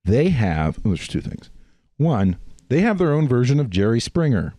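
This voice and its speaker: A man's voice: mid-range voice, sing-song, moderate pace, mellow, no room sound. A man co-hosting a podcast, telling travel stories in a casual, profane way and mimicking the people he met. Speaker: podcast co-host. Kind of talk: casual chat, storytelling.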